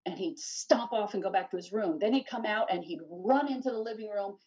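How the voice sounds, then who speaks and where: A middle-aged woman telling her story in an interview, animated and rambling, full of restarts and "you know.". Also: mid-range voice, fairly quick, husky. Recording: distant dull lo-fi mic.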